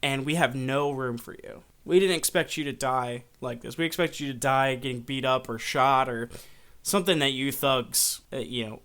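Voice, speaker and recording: Man doing a perky young female grim reaper, chirpy, matter-of-fact, smooth clear voice, slightly raised pitch. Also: fairly even intonation, normal speed, a bit bright, close to an everyday voice.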